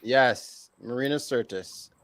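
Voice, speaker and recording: A man in casual group chat on a podcast, excitable and talking over others with many restarts. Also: mid-range voice, slow. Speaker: podcast co-host.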